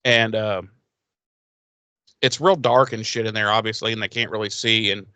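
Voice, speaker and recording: A man co-hosting a podcast, casually recapping a TV episode with lots of swearing and lively acted-out quotes. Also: lowish voice, normal speed, no room sound. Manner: profane, animated, acts out quoted lines. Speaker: podcast co-host.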